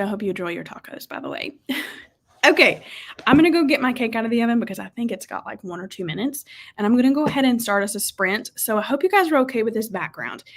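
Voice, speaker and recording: Woman, young adult, livestream host, bubbly, lively pitch, higher voice. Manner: bubbly, reads viewer comments aloud and reacts. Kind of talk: casual livestream chat reading comments.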